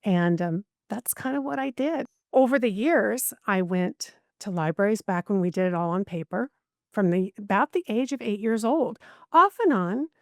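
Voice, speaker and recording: Speaking in a medium-pitched voice, a middle-aged genealogist guesting on a podcast tells an interviewer a personal story, animatedly voicing the people in it. The sound is clean studio audio with no room sound.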